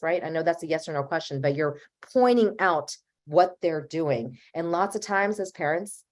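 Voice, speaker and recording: A woman's voice: low voice, animated, normal speed, few pauses, darkish tone. A woman family therapist speaking on a webinar panel, giving earnest advice to parents and sometimes acting out what a parent or child might say. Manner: earnest, advisory, acts out parent and child lines.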